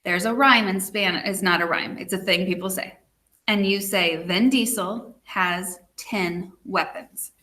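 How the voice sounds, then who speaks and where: A woman's voice: mid-range voice, unhurried, bright, forceful tone. A woman teacher giving a recorded video lesson, chatty and checking in with her students with frequent "okay"s.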